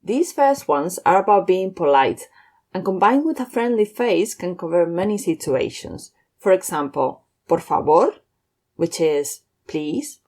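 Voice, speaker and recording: A woman teaching a beginners' language lesson. Her voice sits on the low side for a woman. She slows down and pronounces each example phrase carefully. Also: expressive, darkish tone. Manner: clear, slowed model pronunciation of phrases. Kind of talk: scripted lesson.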